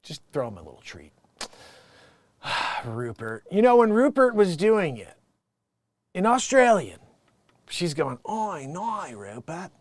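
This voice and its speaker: A man's voice: sits high, big pitch swings, measured pace, long pauses, no echo. A man hosting a comedic news show, rambling and joking through headlines and laughing at his own bits. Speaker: talk show host.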